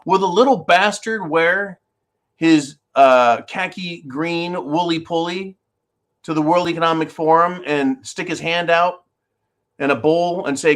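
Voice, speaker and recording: Male host, fairly high voice, sarcastic and combative commentary addressed to his audience. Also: unhurried, a bit bright. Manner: sarcastic, combative, talks straight to viewers. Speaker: show host. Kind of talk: opinionated commentary.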